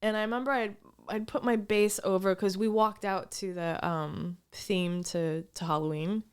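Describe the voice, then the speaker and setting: A woman's voice: mid-range voice, fairly even intonation, moderate pace, smooth. A woman co-hosting a podcast, telling a rambling story in casual chat, full of restarts. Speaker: podcast co-host.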